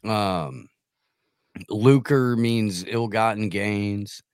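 Slow deadpan low-voiced man. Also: smooth, no echo, clean studio sound. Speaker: podcast guest. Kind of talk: casual comedic chat.

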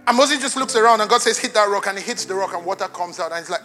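A high, bright male voice delivers a church sermon, joking easily with the room before building to loud, fervent emphasis. Faint music plays underneath him. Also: rapid-fire, hardly any pauses. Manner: playful, conversational, rising to loud emphatic preaching. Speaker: pastor.

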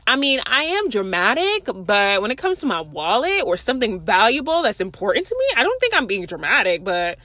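Animated, swearing young woman telling a story. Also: on the high side, fairly quick, hardly any pauses, no room sound. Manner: animated, profane, sarcastic. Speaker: vlogger. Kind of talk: storytime rant.

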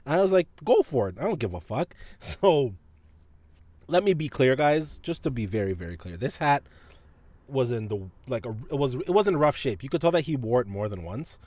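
A man's voice: mid-range voice, sing-song, normal speed, a little mellow, no room sound. A man hosting a podcast, telling a story in a casual, profane way and laughing often. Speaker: podcast host.

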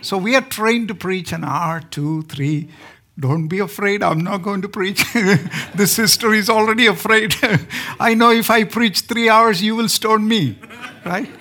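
An Indian-accented man from India preaches a sermon as a guest speaker, his high voice sharp in tone and measured in pace. He jokes with the congregation and asks them questions.

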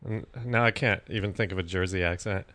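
A man's voice: low voice, steady tone, brisk, bright, forceful tone, dry recording. A man co-hosting a podcast in casual chat, questioning and pushing back on his partner's claims. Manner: skeptical, questioning, pushes back. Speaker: podcast co-host.

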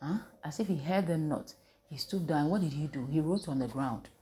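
A woman's voice: low-pitched, normal speed, mellow. A woman teaching from the Bible, throwing questions to her listeners and waiting for them to answer. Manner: call-and-response, asks the listeners questions. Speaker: preacher.

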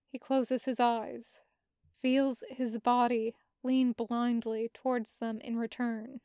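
A woman reading fan fiction aloud as a podfic narrator, soft and tender. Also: on the high side, level tone, slow pace, dry recording, studio quality. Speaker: podfic reader.

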